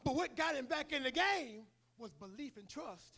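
A man's voice: extremely high pitch, lively intonation, normal speed, vocal fry, few pauses, sharp tone, slight background noise. A male preacher giving a sermon in a colloquial, storytelling manner.

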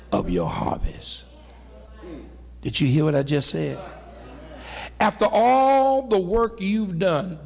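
A middle-aged man preaching a sermon, rising to shouts and then dropping low, with call-and-response phrasing. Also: creaky, long reverb tail.

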